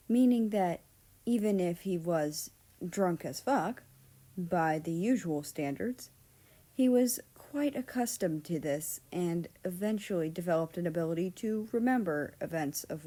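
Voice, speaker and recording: A woman's voice: lowish voice, mellow. A woman reading fan fiction aloud, narrating casually with offhand asides and the odd swear word. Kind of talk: storybook narration.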